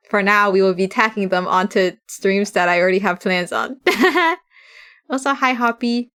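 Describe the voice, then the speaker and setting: A woman's voice: mid-range voice, a bit bright, clean tone. A woman from the West Coast of the US, a streamer chatting casually with viewers, reading chat aloud and laughing often.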